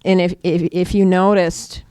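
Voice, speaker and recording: A woman's voice: fairly low pitch, little pitch movement, normal speed, dark tone, clean tone, dry recording, clean studio sound. A chatty woman who trains mediators, explaining her method casually, often laughing and acting out the voices of people she quotes. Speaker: restorative justice mediator and trainer. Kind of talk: casual teaching talk.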